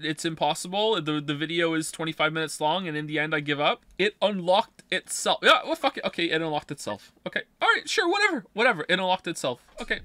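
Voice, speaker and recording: A man's voice: a little high, big pitch swings, quick pace, few pauses, sharp tone, no room sound. Exasperated swearing male game streamer. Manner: exasperated, swearing, muttering to himself. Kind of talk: live gameplay commentary.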